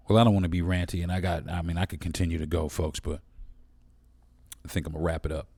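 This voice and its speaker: A man with a very deep voice talking straight into the mic on his own podcast. He speaks bluntly and with passion, swearing freely. The sound is dry and close, with no room around it. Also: darkish tone, breathy edge, dry recording. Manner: blunt, profane and impassioned. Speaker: podcast host. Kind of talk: solo podcast monologue.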